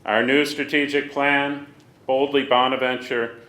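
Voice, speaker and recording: A man's voice: medium pitch, little pitch movement, measured pace, sharp tone. Formal man reading a welcome speech. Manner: formal, reads from a script. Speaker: university official introducing the new director. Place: large conference hall. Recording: echoey hall.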